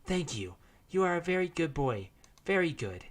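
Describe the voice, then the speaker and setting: A man voicing a gentle, wild young woman who speaks in broken, simple English. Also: a little high, expressive, moderate pace, voice pushed up.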